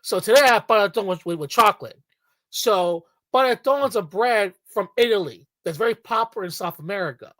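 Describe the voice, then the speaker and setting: A man's voice: high voice, a little fast, fairly bright tone, no echo. Profane, ranting male podcast host. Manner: emphatic, profane, lecturing. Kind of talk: casual ranting chat.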